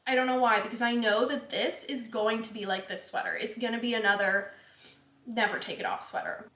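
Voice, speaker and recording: A woman's voice: a little high, steady tone, brisk, bright, forceful tone. Chatty young woman in an echoey room. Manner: chatty and rambling, many likes and ums. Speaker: knitting podcast host. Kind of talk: casual chat.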